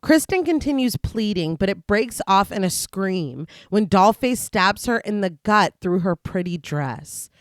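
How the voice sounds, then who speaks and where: A woman's voice: mid-range voice, expressive, measured pace, few pauses, no echo. Woman podcast co-host, casual film chat, reads scene recaps, laughs often, dry close sound. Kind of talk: casual film discussion with read plot recap.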